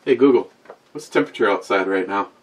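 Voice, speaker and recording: Profane, low-voiced man in his sixties. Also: fast talker, a little hiss or hum. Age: 60s. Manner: rambling, profane and wisecracking; talks back to a voice assistant. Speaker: beer review host. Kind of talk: casual chat to camera.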